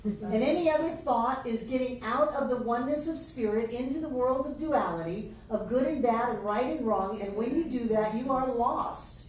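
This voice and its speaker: A woman teaching a spiritual class to a live group, playful and animated, often acting out the voices people use on themselves. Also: on the high side, normal speed. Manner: playful, acts out quoted inner voices, laughs often. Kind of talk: class lecture. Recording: echoey room from far off, faint noise.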